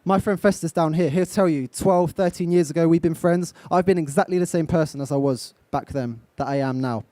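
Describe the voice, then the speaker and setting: Speaking briskly in a warm voice on the high side, a young motivational speaker from England addresses a live audience from an event stage. He coaches them directly and asks them questions, with no room sound in the clip.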